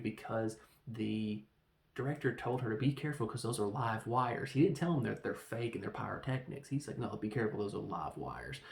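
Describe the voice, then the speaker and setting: A man reviewing a film in a casual, rambling way, telling the story with animated, acted-out quotes. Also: medium pitch, vocal fry. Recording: echoey room.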